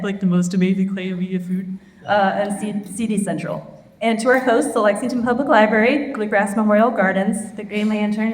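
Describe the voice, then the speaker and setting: A woman organizing a festival, giving a halting live stage speech full of ums in a large theater. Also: mid-range voice. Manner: halting, many ums, gets emotional. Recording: echoey theater hall.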